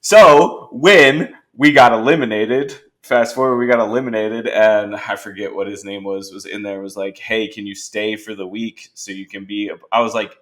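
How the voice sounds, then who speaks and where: A man hosting a podcast, telling animated stories in casual conversation and acting out the dialogue of the people in them. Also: fairly low pitch. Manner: animated storyteller who acts out quoted dialogue. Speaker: podcast host.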